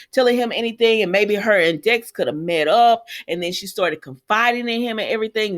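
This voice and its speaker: A woman's voice: medium pitch, a bit bright. A woman giving a casual, opinionated spoken recap of a soap opera episode. She talks loosely and chattily, with plenty of fillers and asides.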